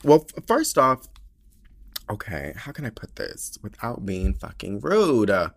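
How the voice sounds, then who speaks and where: A man hosting a podcast, chatting casually and reading listener letters in a sassy, profane, animated way, sounding tired. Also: fairly low pitch, a little slow, vocal fry, no echo. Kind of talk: casual chat.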